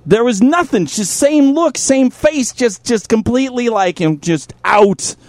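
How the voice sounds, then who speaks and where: A high-pitched middle-aged man hosts a talk show, telling a crude story with lots of swearing. He gets animated and breaks into loud shouted impressions. The sound is dry and close. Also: a little slow, dry recording. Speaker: radio show host.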